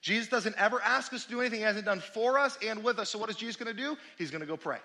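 A man preaching a sermon to his church, swinging between loud exclamations and quiet, low asides. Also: very fast. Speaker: pastor.

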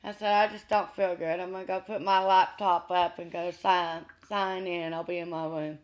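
A woman recounting a personal experience in an interview, earnest and unhurried, with pauses and restarts. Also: fairly low pitch, little pitch movement.

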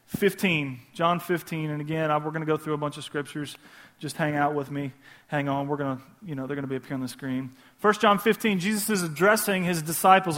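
A man's voice: on the high side, a bit bright. A man preaching a casual sermon, repeating key phrases for emphasis and talking directly to the audience with conversational asides.

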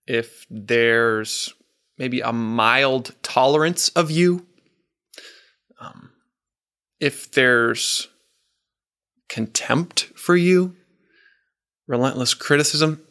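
Male preacher, mid pitch, earnest and emphatic sermon delivery. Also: sharp tone, clear, resonant tone. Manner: earnest, slow and emphatic, asks the audience questions.

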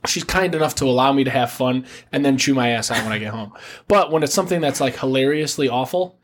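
A man's voice: mid-range voice, fast. A man co-hosting a podcast, telling a crude story in a rambling way with lots of laughs. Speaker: podcast co-host. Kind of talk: casual storytelling chat.

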